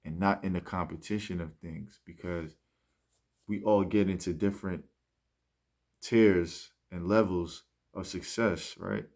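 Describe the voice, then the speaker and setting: A man speaking in a rambling, reflective monologue, often restarting and trailing off softly. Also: sits low, steady tone, measured pace, gravelly. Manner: rambling, many fillers and restarts; soft-spoken, trailing off. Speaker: musician speaking about his mindset.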